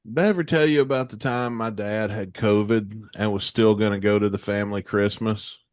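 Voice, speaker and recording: A man's voice: on the low side, steady tone, a little fast, no echo, studio quality. A man hosting a rock podcast while sick with a cold, swearing and stammering through casual stories. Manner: profane storytelling, stammering restarts. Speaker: podcast co-host. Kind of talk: casual rowdy chat.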